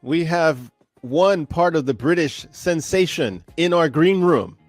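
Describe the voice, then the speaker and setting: A man hosting a business tech podcast, giving energetic, hype-filled introductions and chatting casually with his guest. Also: a little high, a little slow, no room sound, soft background music. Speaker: podcast host. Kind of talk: upbeat show hosting.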